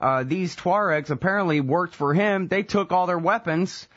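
A man's voice: sits high, normal speed, fairly bright tone, dry recording. A man hosting a radio talk show, blunt and sarcastic, swearing casually as he asks questions. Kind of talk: radio discussion. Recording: dull band-limited radio audio.

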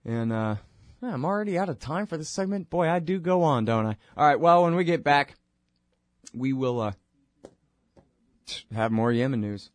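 A man's voice: on the high side, animated, normal speed, long pauses, no echo. A man hosting his own radio show, rambling informally and wryly between plugs. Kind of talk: casual monologue with plugs.

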